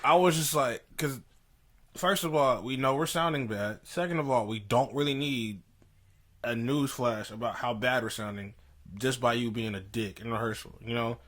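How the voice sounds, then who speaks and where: Animated young man telling a story. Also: mid-range voice, moderate pace. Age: young adult. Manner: animated, slangy, laughs while telling a story. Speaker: podcast co-host. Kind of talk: casual storytelling chat. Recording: poor audio.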